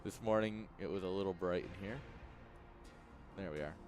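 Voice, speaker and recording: A man's voice: low-pitched, normal speed, over music. A man casting a strategy game live for his stream, chatty, laughing often and talking straight to his chat. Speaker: esports caster and streamer. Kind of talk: live game commentary mixed with chat to viewers. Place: home streaming room with a webcam.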